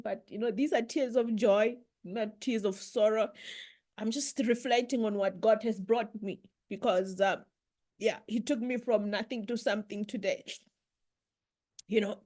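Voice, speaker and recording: A woman giving an emotional personal testimony as a guest speaker at a business meeting, heartfelt and halting, often repeating herself. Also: on the high side, darkish tone. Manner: heartfelt, halting, many repetitions and "you know"s.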